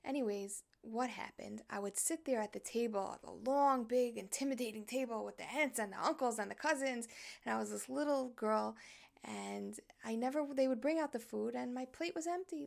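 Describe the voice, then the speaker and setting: A woman's voice: fairly high pitch, vocal fry. A woman giving a religious lesson, telling a personal story in an earnest, conversational way. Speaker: Torah teacher.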